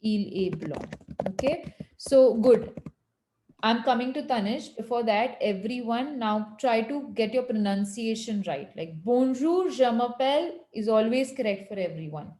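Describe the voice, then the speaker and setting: A woman teaching French on a video call, patiently correcting students and slowing down to model phrases. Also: a little high, lively intonation, dark tone, reverberant, rough recording. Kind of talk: online language lesson.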